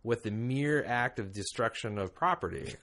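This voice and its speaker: Rambling, self-mocking podcast host. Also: male voice, medium pitch, animated, normal speed, fairly bright tone. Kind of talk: casual podcast banter.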